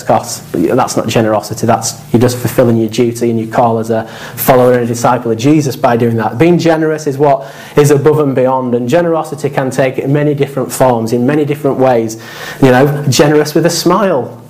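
A man's voice: medium pitch, fairly quick, darkish tone, rough recording. A man preaching a sermon, earnest and repetitive, with casual asides. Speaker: pastor.

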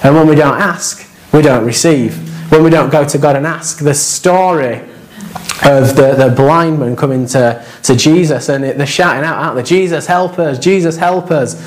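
A man's voice: a little high, moderate pace. Conversational male pastor preaching. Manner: conversational, anecdotal preaching with quoted asides. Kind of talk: sermon.

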